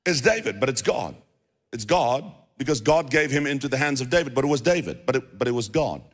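A man's voice: mid-range voice, expressive, a little fast. A man preaching a sermon as pastor, emphatic and driving points home with repetition. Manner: emphatic preaching with repeated phrases. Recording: long reverb of a large hall.

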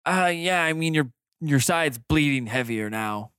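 A man with a gravelly voice running a tabletop game as game master, often slipping into an old villager. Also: on the high side, lively intonation, a little slow, fairly bright tone, no echo, clean studio sound.

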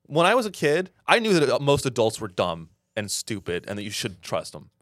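A man's voice: mid-range voice, wildly swooping pitch, fairly quick, a bit bright, no echo, studio quality. A young man co-hosting a podcast, talking bluntly and opinionated, swearing casually. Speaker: podcast co-host. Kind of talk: casual chat.

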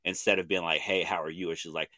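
A man in his thirties from Oklahoma with an Oklahoma accent, co-hosting a podcast and telling a story in animated casual chat, acting out what people said in slangy talk. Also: sits low, quick pace, no echo. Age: 30s. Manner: animated storytelling with slang, acts out quoted voices. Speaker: podcast co-host.

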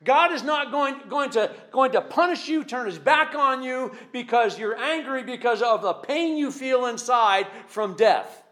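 A man's voice: very high-pitched, lively intonation, unhurried, few pauses, a bit bright. A man preaching as a pastor, speaking conversationally with repeated words and emphatic rises. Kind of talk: sermon.

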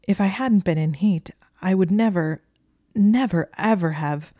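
A woman reading the lines of a nervous teenage witch, hurried and stumbling over her words. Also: lowish voice, dark tone, no room sound, natural voice. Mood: flustered.

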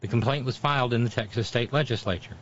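A man's voice: mid-range voice, quick pace, a bit bright, highs cut off. A man hosting casual political commentary, sardonic and mocking, with frequent asides.

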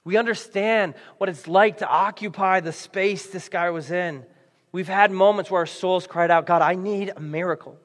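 A man's voice: high voice, normal speed. A male pastor delivering a conversational sermon to a church audience, acting out the story as he tells it. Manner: conversational, animated, acts out the story. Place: church auditorium. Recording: echoey hall.

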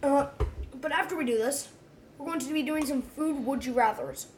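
A young woman co-hosts a podcast in relaxed, casual chat. Her voice sits high, and she talks in a giggly, chatty way, quick to sound grossed out. A faint hum of noise runs behind her. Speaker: podcast co-host.

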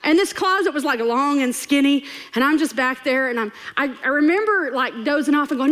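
Lady preaching, high voice, tells stories and does everyone's voices. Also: brisk, few pauses. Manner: animated, laughing storyteller who acts out quotes. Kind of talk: storytelling sermon. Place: church stage before a congregation.

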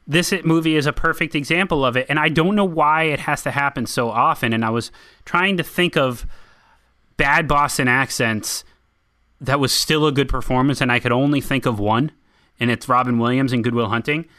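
A man from central Massachusetts co-hosts a casual podcast chat. His voice is bright and forceful, and it sits dry and close on the mic. He rambles and restarts, full of opinions. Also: medium pitch, normal speed, no echo. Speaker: podcast co-host.

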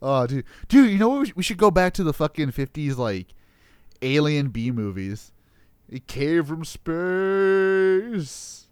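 Foul-mouthed, animated podcast host, a man. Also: mid-range voice, normal speed, smooth, dry recording. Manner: swears a lot, animated, laughs easily. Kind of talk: casual chat.

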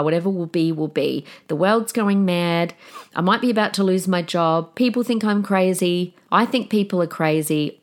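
Aussie lady podcast host, lowish voice, chatty and open, lots of ums. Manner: candid and emotional, with fillers and restarts. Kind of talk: casual motivational talk.

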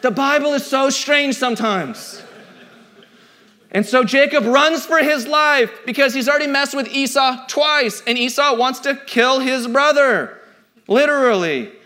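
A man in his thirties preaching a sermon in a joking, conversational way, swinging from loud to quiet. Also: very high voice, unhurried. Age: 30s. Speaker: pastor.

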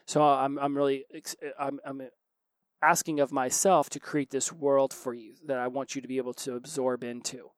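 A man hosts his own self-help podcast, explaining ideas in quick bursts full of restarts. His voice sits in a middle pitch range. The sound is dry and close, with no room echo. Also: little pitch movement, clean tone. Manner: fast-talking, with frequent restarts. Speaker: podcast host.

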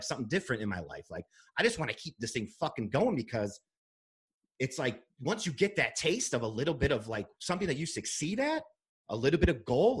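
Young guy hosting his podcast, curses a lot, gets worked up and emotional, kinda raspy. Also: mid-range voice, fairly bright tone. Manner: emphatic, heavy swearing, emotional. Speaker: podcast host. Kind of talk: casual chat. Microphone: podcast microphone.

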